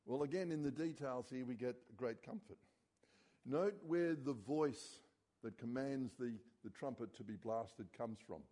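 A man preaching a sermon as pastor, earnest and dropping low and quiet on key words. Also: measured pace.

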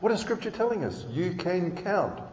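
A man's voice: high voice, sing-song, moderate pace, darkish tone. A man preaching a sermon in an earnest, emphatic way, reading scripture aloud. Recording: dull sound with long hall reverb.

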